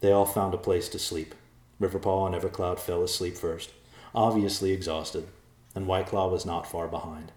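Deep calm guy reading a story aloud, lots of room echo. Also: moderate pace. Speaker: narrator. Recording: echoey room.

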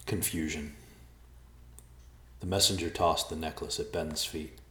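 A male narrator reads a storybook chapter in a steady, measured way. His voice is very deep, and the recording has a roomy echo. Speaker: audiobook narrator.

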